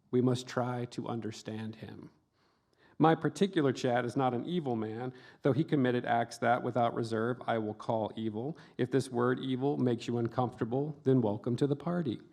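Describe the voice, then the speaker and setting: A middle-aged man reading his own memoir aloud at a book festival, delivering dark comic lines deadpan and breaking off for brief offhand asides. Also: medium pitch. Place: book festival event before an audience.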